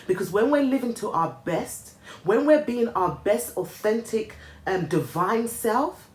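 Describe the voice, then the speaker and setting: A woman's voice: medium pitch, expressive, unhurried. A woman vlogger giving an earnest motivational talk to her viewers, often restarting her sentences with ums. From Nigeria. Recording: echoey room, faint ambient noise.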